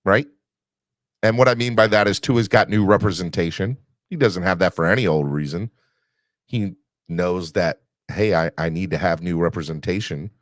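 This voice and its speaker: A man's voice: deep voice, normal speed, no echo. A man hosting a casual sports podcast, rambling with restarts while recovering from an illness. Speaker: podcast host.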